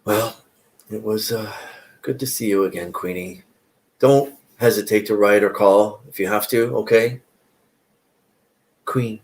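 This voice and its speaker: A man reading a play aloud, playing a weary small-town doctor who speaks earnestly and with measured care. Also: fairly low pitch, close to an everyday voice.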